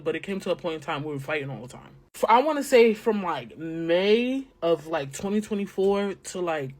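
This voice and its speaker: A woman telling a candid casual storytime about her relationship, chatty and slangy. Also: medium pitch.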